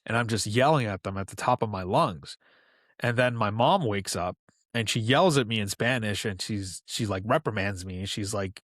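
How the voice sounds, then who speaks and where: A man in his thirties from New York, a podcast guest telling personal stories in a relaxed, conversational way with asides. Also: on the low side, normal speed, dry recording, clean studio sound. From New York, USA. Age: 30s. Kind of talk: casual storytelling.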